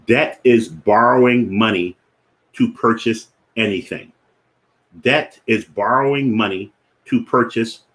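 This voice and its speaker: A man with a Philadelphia accent hosting a finance show, explaining ideas deliberately and repeating key definitions slowly for emphasis. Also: mid-range voice, fairly bright tone.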